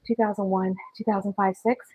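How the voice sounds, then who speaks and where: At home on a walking treadmill, a fitness vlogger chats casually on a livestream, reading and answering the live chat while slightly out of breath. Her medium-pitched voice is flat and a little fast. The highs are cut off and there's heavy background noise.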